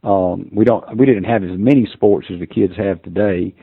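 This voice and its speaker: Older man in his 60s, deep and gravelly, folksy rambling storyteller, phone-quality line. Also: normal speed, no echo. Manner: folksy, rambling anecdotes with many fillers. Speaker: podcast guest. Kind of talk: casual storytelling.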